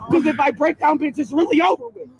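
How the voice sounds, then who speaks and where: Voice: high voice, fast talker, a loud crowd. A relative at an outdoor scene, speaking angrily, cursing and demanding answers. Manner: angry, profane, demanding.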